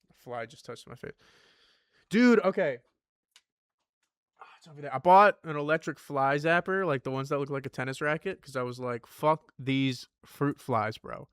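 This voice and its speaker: A man's voice: fairly high pitch, a little fast, a bit bright, clear, resonant tone, dry recording, studio quality. A young man streaming a puzzle game from home, rambling and joking in slangy casual chat. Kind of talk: casual live-stream chatter.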